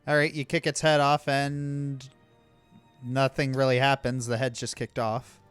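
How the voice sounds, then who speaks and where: Smooth-voiced laid-back game master. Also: male voice, medium pitch, level tone, unhurried, a bit bright, no room sound, faint music behind. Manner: laid-back, hesitant, with many fillers. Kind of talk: narrating a tabletop game over voice chat.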